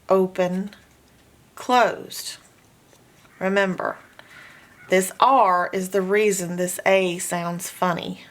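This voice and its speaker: A woman teaching a phonics lesson, patiently sounding out letters and words in repeated drills. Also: mid-range voice. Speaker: homeschool reading teacher.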